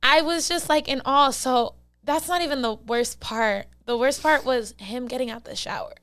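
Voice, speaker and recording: A woman in her twenties co-hosting a podcast, telling a story in casual chat, animated and acting out quoted voices, swearing freely. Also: sits high, moderate pace, smooth, dry recording. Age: 20s. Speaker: podcast co-host.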